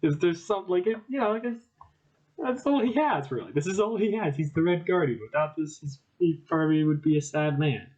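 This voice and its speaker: Animated man reviewing a film. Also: a little high, a little fast. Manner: animated, acts out characters in quoted voices. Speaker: podcast co-host. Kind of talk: casual film review chat. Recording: dull lo-fi podcast audio.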